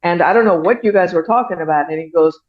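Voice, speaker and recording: A woman's voice: on the low side, quick pace. A middle-aged woman from an Iranian American background, a guest telling a story in casual chat and acting out what other people said. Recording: muffled dull audio.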